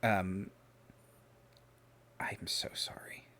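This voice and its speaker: A man's voice: drawn-out words, slight background noise. Whispered role-play: a man playing a battered young man, stammering, remorseful and barely audible.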